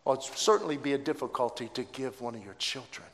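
A man's voice: mid-range voice, expressive, fast. A man preaching a sermon, telling a story dramatically and with emphasis. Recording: long hall reverb.

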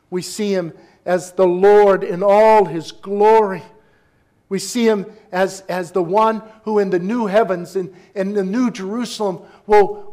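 In a notably high voice, a pastor preaches with emphasis, climbing to forceful exclamations and then sinking into hushed asides. Throughout the sermon he keeps calling out to his congregation for responses.

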